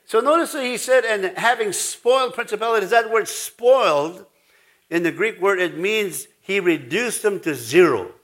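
Male pastor, slightly high voice, preaching in a rambling, anecdotal style with frequent restarts. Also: lively intonation, moderate pace, a bit bright. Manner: rambling storytelling with restarts and laughs. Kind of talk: sermon.

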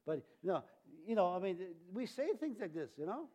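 An older man delivers a sermon with a high voice. He is animated and laughs often, and he acts out the voices he quotes. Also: quick pace, few pauses. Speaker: preacher.

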